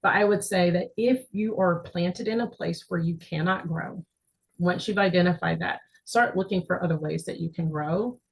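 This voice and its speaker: Gravelly-voiced woman manager on a panel. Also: on the low side, moderate pace, low-quality recording. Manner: earnest, conversational, with frequent "right?" asides. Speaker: panelist, manager at a large organization. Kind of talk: webinar panel discussion.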